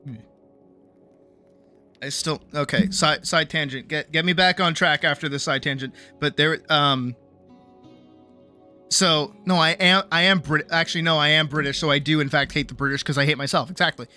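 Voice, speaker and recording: A man's voice: on the high side, moderate pace, bright, forceful tone, soft background music. A young man ranting casually on a game live stream, rambling with stumbling restarts and swearing.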